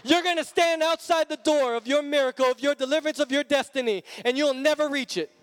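A male preacher delivering an emphatic, repetitive sermon that builds to shouts. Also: very high voice, fairly quick. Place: church sanctuary. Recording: long church reverb with music.

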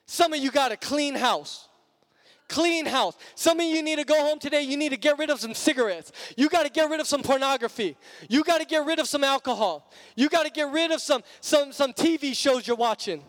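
A male preacher delivering an emphatic, repetitive sermon that builds to shouts. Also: extremely high pitch, brisk. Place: church sanctuary. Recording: long church reverb with music.

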